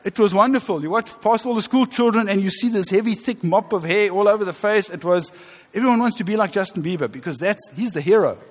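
A high-voiced man in his fifties preaches a sermon in a conversational, joking way. His voice carries through a reverberant church hall with a long tail. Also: fast. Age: 50s. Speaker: pastor.

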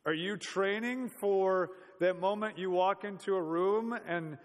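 A man's voice: high voice, measured pace, big-room sound. A man preaching a sermon in a conversational, storytelling way, full of rhetorical questions.

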